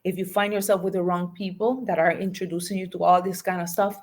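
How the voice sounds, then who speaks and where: A woman's voice: lowish voice, steady tone, quick pace, darkish tone. A woman, a life and business coach, giving emphatic motivational podcast talk and urging listeners to repeat affirmations.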